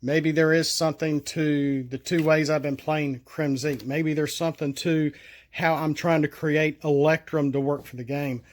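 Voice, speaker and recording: Man, slightly high voice, casual vlog, halting speech, lots of ums and restarts. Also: little pitch movement. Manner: halting, many fillers and restarts, thinks aloud. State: recovering from a coughing fit. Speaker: solo card game tester and vlogger. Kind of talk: casual rambling talk to camera.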